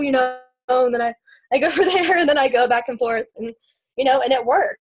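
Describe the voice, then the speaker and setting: A woman's voice: a little high, quick pace, rough recording. A woman telling her own story in a casual, emotional way, tearful at times, with lots of fillers and quoted self-talk. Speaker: team member sharing her story.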